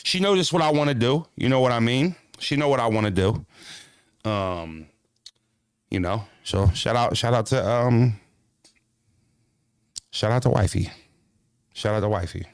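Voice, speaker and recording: A man talking straight to camera in a loose, joking monologue, cursing freely and rambling from one thought to the next. His voice sits at an ordinary middle pitch, and the sound is dry and close. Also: animated, measured pace, pauses often, clean tone, no room sound. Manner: profane, joking, rambling, laughs often. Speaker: vlogger. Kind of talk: casual comedic monologue.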